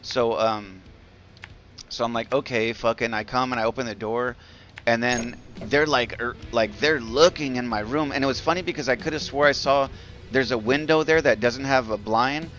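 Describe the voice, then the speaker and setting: A man's voice: mid-range voice, normal speed, fairly bright tone, muffled recording. Rambling, profane male game streamer. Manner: rambling, profane, many fillers and restarts. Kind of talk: casual storytelling while live-streaming a game.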